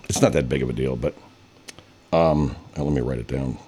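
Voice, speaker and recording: A man's voice: very deep voice, moderate pace, warm tone, husky. A man over fifty, a radio host, telling a rambling, profane story in casual chat and putting on voices when he quotes people.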